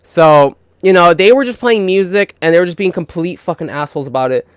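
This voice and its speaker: A young man rattles off a long, rambling story, swearing freely and acting out what people said. His voice sits a little high and comes through clean and smooth. The sound is dry and close, with no room echo. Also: fairly quick. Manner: rambling, profane, with many fillers and retold dialogue. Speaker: gaming channel host. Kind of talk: casual storytelling monologue.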